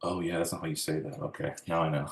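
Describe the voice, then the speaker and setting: Talking very fast with a deep voice that barely moves in pitch, the man recounts family stories in a roomy-sounding oral history interview. He is an American in his forties, reflective in tone, acting out what people said.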